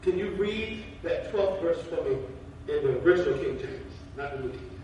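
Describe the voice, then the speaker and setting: A man's voice: fairly high pitch, lively intonation, normal speed, darkish tone. A man preaching a sermon in a folksy, casual way that rises to fervent calls. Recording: very echoey, far from the mic, faint noise.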